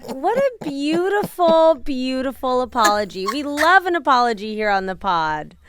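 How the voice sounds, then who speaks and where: A woman's voice: sits high, big pitch swings, normal speed, noisy background. A woman hosting a podcast, chatting casually and introducing a segment with playful mock formality. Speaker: podcast host.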